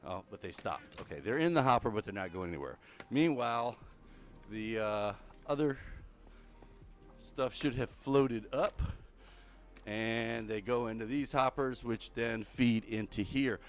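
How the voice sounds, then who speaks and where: A man's voice: mid-range voice, unhurried, soft background music. An older man hosting a casual game livestream while walking on a treadmill, out of breath, rambling and thinking aloud to his viewers. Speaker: Minecraft livestream host. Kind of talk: casual gameplay livestream chat.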